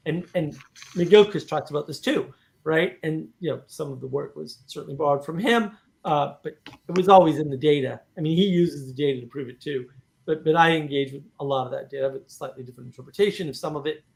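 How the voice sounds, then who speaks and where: High-voiced man hosting a lively discussion. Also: fast talker, creaky. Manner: animated, talks in bursts with many "right?" asides. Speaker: host. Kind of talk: casual discussion.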